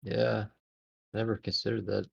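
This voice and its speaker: A man co-commentating a game tournament with slow, drawn-out reactions over a voice chat recording with faint noise. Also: lowish voice, flat delivery, vocal fry, slightly rough, highs cut off. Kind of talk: casual live commentary.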